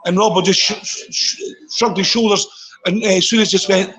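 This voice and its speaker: A man's voice: high voice, steady tone, moderate pace, a bit bright, poor audio. A man, a former footballer, telling rambling dressing-room stories in casual chat, often repeating his words.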